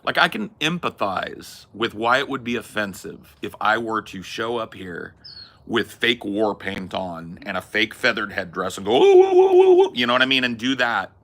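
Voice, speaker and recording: A man's voice: on the low side, normal speed, sharp tone. A man hosting a talk podcast, arguing his opinions emphatically with casual swearing. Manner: emphatic, swears, acts out quoted voices. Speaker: podcast host.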